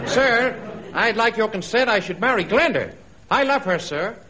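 A man playing a dim, hapless young husband in a comedy sketch, with a slow, deadpan delivery. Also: high-pitched, crowd noise, low-quality recording. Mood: dopey.

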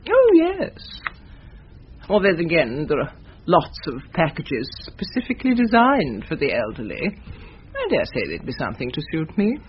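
Radio sitcom: a martyred older mother, very lively pitch, faintly noisy broadcast sound. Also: normal speed, dull audio. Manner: sweetly passive-aggressive, self-pitying. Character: manipulative elderly mother, martyred and guilt-tripping.

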